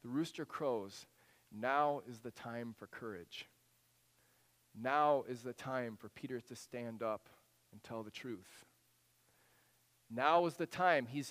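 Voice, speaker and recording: A man preaching a sermon, telling a story with drama, dropping to a hush and then rising to act out voices. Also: mid-range voice, long reverb tail. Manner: dramatic storytelling, drops to a hushed voice then rises to animated acted-out lines. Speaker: pastor.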